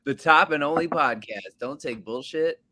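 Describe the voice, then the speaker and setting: A man's voice: fairly high pitch, normal speed, pushed and bright. A man co-hosting a comedy podcast, chatting casually with frequent laughs and rambling, filler-heavy stories. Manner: laughs often, loose rambling storytelling with many fillers. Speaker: podcast co-host and stand-up comedian.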